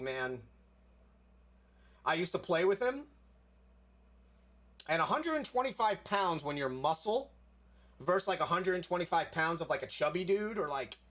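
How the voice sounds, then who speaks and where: A man's voice: high voice, a bit bright. A young man from South Florida telling a rambling story in casual chat, leaning heavily on "like" and swearing casually.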